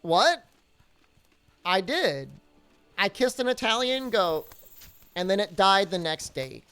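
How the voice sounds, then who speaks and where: Lively joking woman game streamer. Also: mid-range voice, slow, clean tone, faint music behind. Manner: jokey, answers chat aloud, lively. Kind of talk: casual live-stream chat while gaming.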